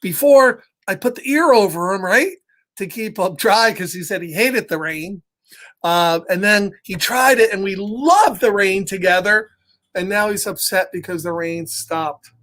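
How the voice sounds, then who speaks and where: A man hosting a children's story time online, reading a picture book aloud with animated, chatty, laughing delivery. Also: sits high, measured pace.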